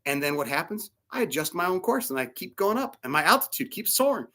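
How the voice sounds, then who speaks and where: Middle-aged guy pastor preaching, bright voice swinging up and down a lot, does little voices for people in his stories. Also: high-pitched, very animated, fast talker. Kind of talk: sermon.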